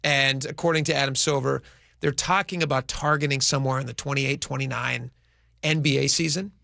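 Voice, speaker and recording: A man's voice: mid-range voice, steady tone, fairly quick, gravelly, bright, forceful tone, dry recording, studio quality. A man co-hosting a radio talk show, chatting casually about sports and asking his co-host questions. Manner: conversational, asks co-host questions.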